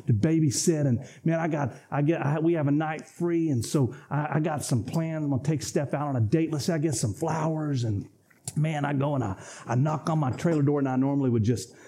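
Husky, emphatic male preacher. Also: a little high, brisk, warm tone. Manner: emphatic and repetitive, addressing "folks". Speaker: pastor. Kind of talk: sermon.

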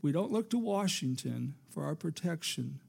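A man's voice: a little high, expressive, moderate pace, gravelly, darkish tone, breathy edge. A man preaching a sermon as pastor, rising and falling for emphasis and calling for amens.

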